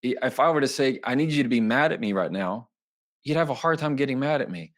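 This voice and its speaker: A man in his thirties, a trial attorney, talking as a guest in a podcast interview and acting out quoted speech in lively voices. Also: mid-range voice, quick pace.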